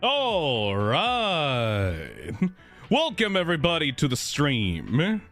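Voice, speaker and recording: A man's voice: on the high side, wildly swooping pitch, drawn-out words, fairly bright tone, soft background music. A man streaming live, chatting casually, greeting viewers and swearing a lot.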